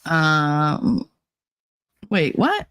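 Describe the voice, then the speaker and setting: A woman's voice: deep voice, sing-song, extremely slow, fairly bright tone, clean tone, dry recording, poor audio. A woman livestreamer chatting casually in a blunt, rambling way, swearing and laughing often.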